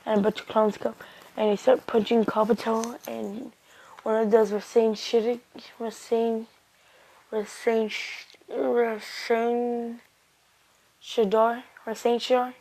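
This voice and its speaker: A woman's voice: fairly high pitch, level tone, takes it slowly, darkish tone, poor audio. A woman casually retelling an invented anime fan story, rambling along with frequent restarts and "he's like" asides.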